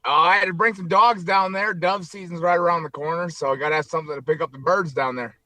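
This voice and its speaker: Upbeat guy telling jokey stories on the radio, bright voice, kinda high, dry studio sound. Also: steady tone, fast talker, no echo. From United States. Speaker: guest. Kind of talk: casual radio interview chat.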